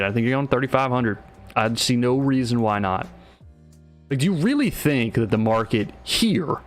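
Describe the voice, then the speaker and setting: A man giving live market commentary on a livestream, talking in a casual, slangy way and often tossing in "right?". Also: medium pitch.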